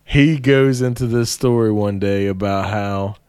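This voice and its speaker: Man, podcast co-host, slow relaxed pace, salty storyteller, dry mic. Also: lowish voice, clear, resonant tone, no echo. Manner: swearing storyteller, laughs often. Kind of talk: casual chat.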